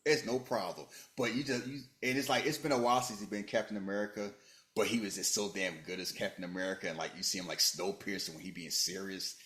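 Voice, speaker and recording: A fast-talking man hosts a podcast of casual movie chat, joking and animated, swinging from loud bursts to low muttering. The recording has a roomy echo.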